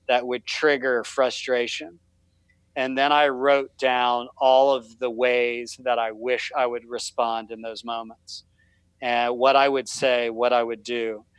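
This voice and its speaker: A man's voice: medium pitch, clean tone, no echo, rough recording. Rambling, self-deprecating man on a podcast. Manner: rambling, self-deprecating storyteller with many restarts. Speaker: podcast guest, fatherhood writer. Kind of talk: casual podcast conversation.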